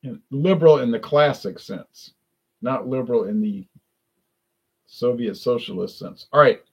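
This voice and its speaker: A man's voice: mid-range voice, a little slow, a little mellow, slightly rough, rough recording. A man from South Louisiana with a South Louisiana accent, rambling through a casual live-stream chat about drinks with lots of restarts and self-corrections.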